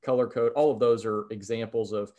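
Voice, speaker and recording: A man hosting a podcast, asking his guest a long, slightly halting question. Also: lowish voice, steady tone, dark tone. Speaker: podcast host. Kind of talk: interview question.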